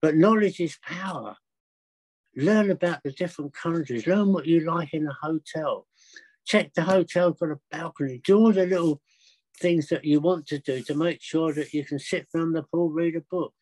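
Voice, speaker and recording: An older man with a slightly high voice tells his flying stories in a chatty, excitable way. His voice sounds dry and close, with no room around it. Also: moderate pace, no room sound, rough recording. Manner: chatty, excitable, laughs often. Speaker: podcast guest. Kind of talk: anecdotal storytelling.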